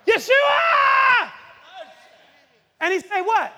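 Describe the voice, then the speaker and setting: Male preacher, very high and slow, fiery sermon delivery, reverberant hall. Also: expressive, gravelly, a loud crowd, very noisy. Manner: shouting, cries out, swings from loud to hushed.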